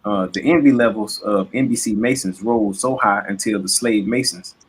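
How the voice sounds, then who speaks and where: Low husky man reading aloud. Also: moderate pace, low-quality recording. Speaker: reader in discussion.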